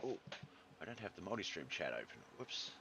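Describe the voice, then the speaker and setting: A man with a lowish voice calls a race on a live stream in a loose, chatty way. He breaks off to greet viewers and read out their messages. A faint hum of noise sits under his voice. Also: very animated, a little fast, vocal fry. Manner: chatty, reads out viewer chat and calls people brother. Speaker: stream host and race commentator. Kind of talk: casual live-stream sim racing commentary.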